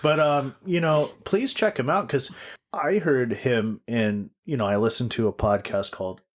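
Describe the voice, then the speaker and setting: Young male podcast co-host, mid-pitched, rambly, jokey, casual swearing. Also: normal speed.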